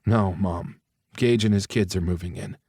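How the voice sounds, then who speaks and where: A man's voice: low-pitched, normal speed, darkish tone, breathy edge, no echo, clean studio sound. A man voicing a confident teasing lover. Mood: tender. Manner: teasing, playful, assured.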